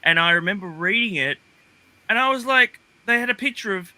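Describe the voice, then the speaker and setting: A man's voice: high voice, expressive, brisk, bright, forceful tone, dry recording. A man on a livestream, chatting casually and rambling with many fillers and restarts. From Australia. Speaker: guest. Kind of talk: casual chat. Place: livestream call.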